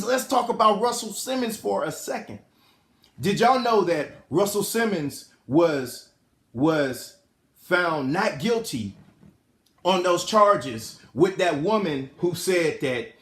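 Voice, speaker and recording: A man's voice: high-pitched, reverberant. A man in a casual commentary vlog, talking straight to his viewers in a slangy way, often repeating himself, from a hot room at home. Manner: animated, talks to his viewers and chat directly. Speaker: vlogger.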